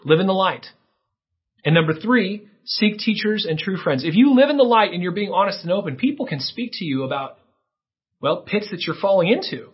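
Husky earnest preacher, muffled lo-fi sound. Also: male voice, a little high. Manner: earnest, dramatic storytelling with sudden rises and hushed drops. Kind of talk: sermon. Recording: dull lo-fi sound.

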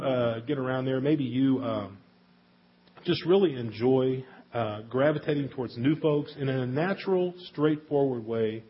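A middle-aged man gives a relaxed, chatty sermon with a husky voice. He acts out the people in his stories as he goes. The sound is dull and lo-fi. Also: mid-range voice. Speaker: pastor.

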